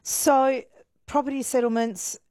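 A woman's voice: sits high, fairly even intonation, measured pace, a little mellow, no echo. A woman hosting a radio talk show, prompting her guest with questions.

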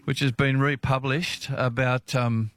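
A man's voice: medium pitch, flat delivery, unhurried, a bit bright, dry recording. A man with an Australian accent hosting a live talkback radio show outdoors in a park, chatty and jokey.

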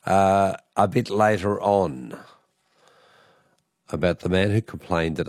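An Australian man hosting a late-night radio program, with a croaky voice, chatting casually with fillers and chuckles. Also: sits low, takes it slowly, long pauses, darkish tone, no room sound, studio quality. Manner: chatty, rambling, self-deprecating, with chuckles and fillers. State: croaky voice from a cold. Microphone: studio microphone.

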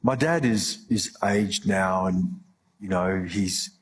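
A middle-aged man talking earnestly in an interview, halting and restarting as he reflects. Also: deep voice, husky. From Australia. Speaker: guest.

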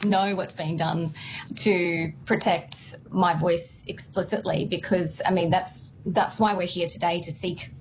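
Female witness, low gravelly voice, noisy hearing-room recording. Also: fairly even intonation, unhurried. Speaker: voiceover artist giving evidence. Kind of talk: testimony at a hearing.

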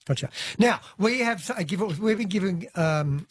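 A man's voice: sits high, expressive, moderate pace, slightly rough, no room sound. A man hosting a radio program, chatting casually and teasing his guest with playful questions. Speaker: radio host.

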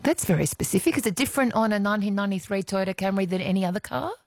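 A woman's voice: mid-range voice, rapid-fire, no room sound. A woman with an Australian accent hosting a radio phone-in quiz, chatty and teasing, laughing often.

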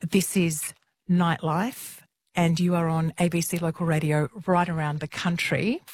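A woman's voice: fairly low pitch, level tone, unhurried, no room sound. Woman radio host, late-night call-in, friendly questioner, dry studio voice. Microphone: studio microphone.

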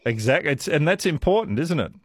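A man's voice: on the high side, sing-song, brisk, breathy edge, dry recording, studio quality. A man hosting a radio quiz with callers, chatty and self-deprecating, laughing often. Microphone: studio microphone.

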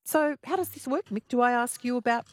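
A woman's voice: a little high, brisk, no echo, clean studio sound. An Australian woman hosting late-night radio, teasing callers and bantering with a guest. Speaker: radio host. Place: radio studio. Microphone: studio microphone.

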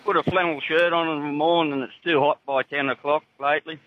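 A man's voice: fairly high pitch, fairly even intonation, fast, no room sound, phone-quality sound. A man with a broad rural Australian accent calling in from his tractor, chatting in a laconic, drawling way. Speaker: caller. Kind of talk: casual phone chat. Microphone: phone.

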